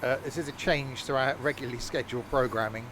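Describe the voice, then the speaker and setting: Sleepy guy streaming a train game, rambly and self-mocking, normal pitch, bit of faint hum. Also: steady tone, fast. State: very tired. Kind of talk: casual live-stream commentary.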